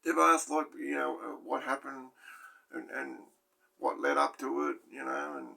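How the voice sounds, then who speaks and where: A man's voice: medium pitch, little pitch movement, unhurried, gravelly, sharp tone. An Australian man, a former prisoner, tells a story in a rambling, profane way and keeps tagging his lines with "right?". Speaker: former prisoner telling stories. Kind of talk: casual storytelling to camera.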